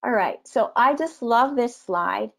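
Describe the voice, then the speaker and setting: A woman teacher trainer giving an online talk to parents, gentle and explanatory, with frequent ums. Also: a little high, lively intonation, measured pace, creaky.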